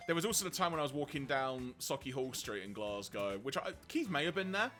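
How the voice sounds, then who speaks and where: A man co-hosting a game stream, telling stories in a relaxed, chatty way and laughing often. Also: medium pitch, brisk, faint music behind. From England. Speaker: streamer co-host. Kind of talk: casual chat while gaming.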